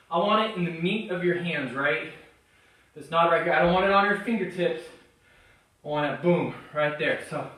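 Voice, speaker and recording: A man's voice: high voice, fairly bright tone. A male fitness trainer demonstrating chest dips, giving coaching cues and encouragement, a little out of breath. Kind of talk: exercise tutorial demonstration. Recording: very echoey gym from far off.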